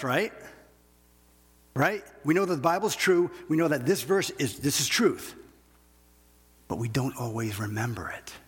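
Male pastor, husky voice, relaxed conversational sermon delivery with lots of restarts and check-ins. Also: on the high side, in a large hall. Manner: conversational preaching with frequent restarts and "okay?" checks.

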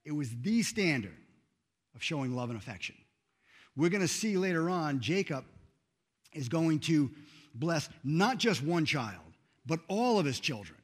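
A man preaching a sermon in a church, earnest and emphatic, rising loud then dropping soft. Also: medium pitch, big pitch swings, unhurried, pauses often, husky. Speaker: pastor.

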